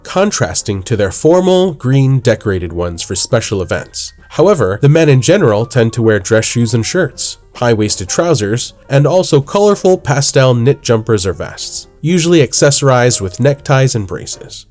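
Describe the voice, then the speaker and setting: A man reads audio description for a theatre show, letting his pitch rise and fall widely. His delivery is animated and descriptive. Soft music sits faintly underneath. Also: moderate pace, hardly any pauses.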